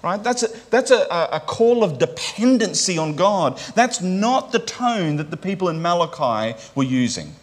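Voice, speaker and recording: A man's voice: sits high, very animated, moderate pace, few pauses. A man preaching a sermon in a conversational way, often checking in with "right?" and restarting his phrases.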